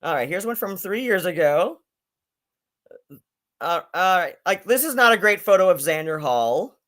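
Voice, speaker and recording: A man's voice: high voice, sing-song, normal speed, fairly bright tone. A man hosting a casual live-stream commentary, rambling and swearing, with many fillers and restarts.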